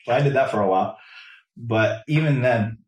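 A man's voice: medium pitch, normal speed. A man chatting easygoing in an interview, explaining his path as a religious teacher and often trailing off to restart. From New York. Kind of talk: casual interview chat. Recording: roomy echo, distant mic.

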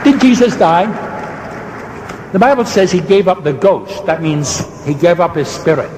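A man preaching a sermon in a debate, fervent and fast-talking, swooping up high for emphasis and restarting mid-sentence. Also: darkish tone, reverberant, big-room sound, slight background noise, low-quality recording.

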